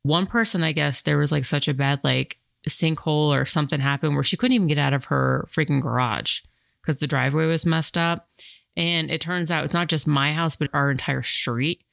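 Chatty woman host with gravelly edge. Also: sits low, steady tone, normal speed, dry recording, studio quality. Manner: chatty, rambling, many fillers. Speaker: podcast host. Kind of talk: casual podcast chat.

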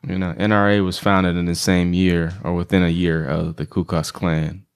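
A man's voice: low-pitched, level tone, normal speed, clean tone. A man co-hosting a casual podcast chat, rambling with restarts and filler words as he builds his point. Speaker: podcast co-host.

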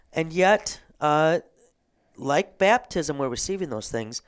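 A man, a pastor, hosting a theological discussion, thoughtful and a bit halting, often clearing his throat. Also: medium pitch. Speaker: Lutheran pastor and host.

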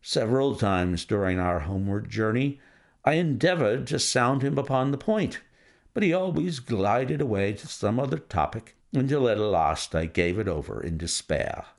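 A man narrating a classic detective story in steady, scripted storytelling. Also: on the low side, normal speed, vocal fry. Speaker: audiobook narrator.

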